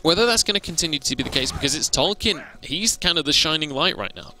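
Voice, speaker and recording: A man calling live esports play-by-play, brisk and lifting with the action. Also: a little high, lively intonation, sharp tone. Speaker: esports caster.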